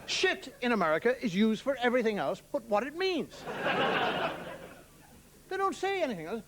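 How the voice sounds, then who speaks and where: High, lively-voiced man doing stand-up. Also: brisk, pauses often. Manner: wry storytelling, puts on voices for quoted people. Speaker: stand-up comedian. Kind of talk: stand-up monologue. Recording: TV studio with audience laughter and noise. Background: audience laughing.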